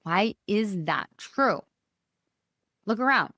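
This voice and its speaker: A woman's voice: expressive, slow pace, sharp tone, no echo, clean studio sound. A woman hosting a podcast, talking casually and with lots of energy, often addressing her listeners as "you guys". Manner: bubbly and chatty, swinging pitch, fillers like "you guys". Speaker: podcast host. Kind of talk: casual motivational podcast talk.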